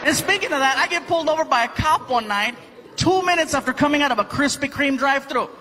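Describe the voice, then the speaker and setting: A stand-up comedian on stage, animated and playful, slipping into voices and bits of slang. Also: male voice, extremely high pitch, quick pace, noisy background. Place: large theater stage with audience. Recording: live hall, crowd laughter.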